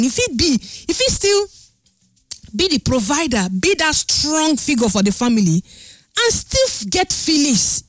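A woman radio host with a Nigerian Pidgin accent, chatting on air in a lively, sing-song way that stretches her words. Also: sits high, no room sound. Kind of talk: Pidgin radio show chat. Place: radio studio.

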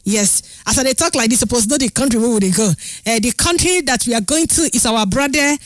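A woman radio host with a Nigerian Pidgin accent, chatting on air in a lively, sing-song way that stretches her words. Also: fairly high pitch, brisk, no echo. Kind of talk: Pidgin radio show chat. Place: radio studio.

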